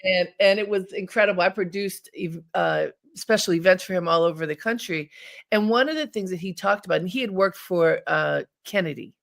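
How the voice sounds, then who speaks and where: A woman's voice: lowish voice, a little fast, gravelly. A woman hosting a radio interview show, speaking emphatically and encouragingly to her guest.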